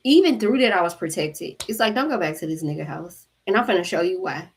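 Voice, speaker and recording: A woman hosting a spiritual channel, telling a story to her viewers in an animated, profane way and acting out the voices of the people in it. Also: fairly low pitch, fairly quick, slightly rough. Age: adult mother. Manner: animated, profane, acts out quotes.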